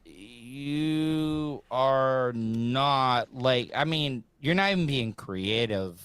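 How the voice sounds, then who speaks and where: A man hosting a podcast interview, asking questions in a hesitant, measured way. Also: mid-range voice, a bit bright, smooth, no echo. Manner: hesitant, measured, loose phrasing. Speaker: podcast host.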